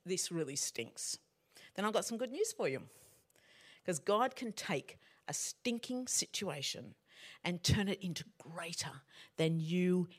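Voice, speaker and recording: A middle-aged woman preaching a sermon in a conversational way, often putting questions to her congregation. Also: on the high side. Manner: animated, conversational, asks the audience questions.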